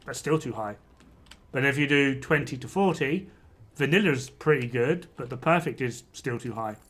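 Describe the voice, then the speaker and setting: A man's voice: mid-range voice, normal speed, a bit bright. A man streaming a game, ranting in exasperation and swearing freely as he talks to his chat. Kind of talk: casual gameplay commentary to chat.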